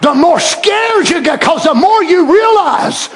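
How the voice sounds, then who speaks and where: A man preaching a sermon, swinging from shouted proclamations to hushed, drawn-out asides. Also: extremely high pitch, animated.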